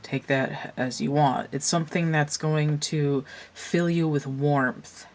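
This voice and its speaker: A woman talks through a tarot card reading in a loose, chatty way. She thinks out loud and drifts into side remarks as she goes. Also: deep voice, fairly even intonation, takes it slowly. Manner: rambling, thinks aloud with asides. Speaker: tarot reader. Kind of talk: casual tarot reading commentary.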